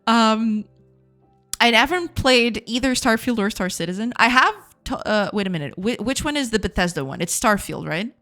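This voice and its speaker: A woman livestreams her game development work, chatting casually with viewers, laughing often, and repeating herself in self-deprecating ways. Her voice is on the high side, expressive, bright, and forceful, at a moderate pace, with faint music in the background.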